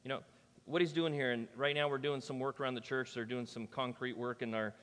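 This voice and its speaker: A man preaching a sermon as pastor, emphatic and conversational, swinging between loud declarations and soft, quiet asides. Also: mid-range voice, steady tone, fairly quick, big-room sound. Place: church.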